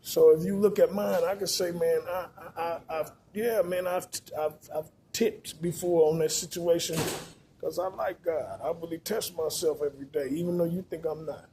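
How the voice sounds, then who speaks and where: A man's voice: on the high side, fairly even intonation, normal speed, mellow, slight background noise. A man, delivering a rambling, profane, preachy monologue full of repetition.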